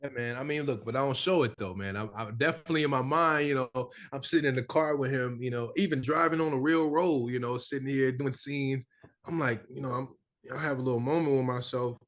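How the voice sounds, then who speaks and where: A young man from the American South, an actor chatting casually in an interview, animated and full of repeated fillers. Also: medium pitch, a little fast. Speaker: actor guest.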